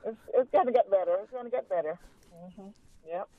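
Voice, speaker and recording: High-voiced caller on a tinny phone line. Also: male voice, a little fast, dry recording. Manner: relaxed, rambling, with many fillers. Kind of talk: casual phone-in chat. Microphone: telephone.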